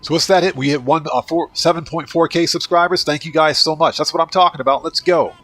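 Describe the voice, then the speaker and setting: A man's voice: a little high, fast. A man with a congested, fading voice hosting a gameplay livestream, chatting casually with viewers and thanking them by name. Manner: relaxed, talks to chat and thanks viewers by name. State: congested and losing his voice. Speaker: livestream host, gamer.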